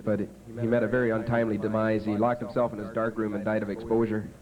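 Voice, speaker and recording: A man's voice: on the low side, little pitch movement, fast talker, muffled recording, background noise. A man with a Canadian accent emceeing a festival on stage, telling jokes and announcing winners in a folksy, punning way. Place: outdoor small-town festival stage. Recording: home video with festival crowd.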